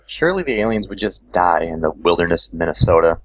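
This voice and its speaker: A man with a very low, husky voice makes deadpan jokes beside a let's play host. The sound is dry and close, with no room echo. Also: fast. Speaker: co-commentator. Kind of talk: casual gameplay chat.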